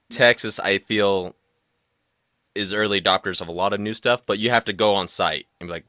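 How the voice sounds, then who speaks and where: A man hosts a casual podcast in a lowish but bright voice. The sound is dry and close, with no room around it. He is chatty and adds joking asides. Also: brisk, no echo. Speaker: podcast host.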